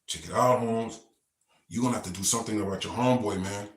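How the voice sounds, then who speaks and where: Brief: big inmate spokesman, firm warning tone, slightly low, played by a man telling the story, echoey room. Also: fast, recorded from a distance, natural voice.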